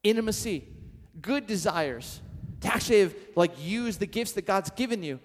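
A middle-aged man preaching a sermon, telling stories in an animated way and often poking fun at himself. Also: high voice, moderate pace. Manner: animated storytelling with self-mocking asides. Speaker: pastor. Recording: long hall reverb.

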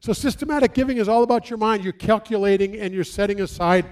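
A male pastor preaching outdoors, acting out stories and quoting scripture with lively emphasis. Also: high-pitched, quick pace. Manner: animated, acts out stories and quotes. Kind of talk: sermon. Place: outdoors near trees.

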